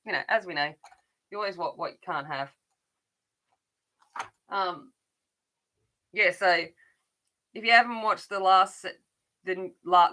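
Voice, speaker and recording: A woman's voice: lowish voice, pushed and bright. A middle-aged woman chatting casually while colouring, rambling along with frequent restarts. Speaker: adult colouring channel host.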